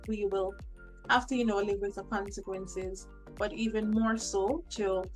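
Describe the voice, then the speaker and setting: A woman hosting a podcast, speaking to listeners in a calm, reflective, encouraging way. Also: medium pitch. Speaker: podcast host.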